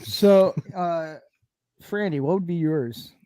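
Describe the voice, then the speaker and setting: A man with a mellow, slightly higher voice hosts a loose panel chat. He rambles, laughs often and restarts his sentences. The sound is dry and close. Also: slow, dry recording. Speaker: podcast host.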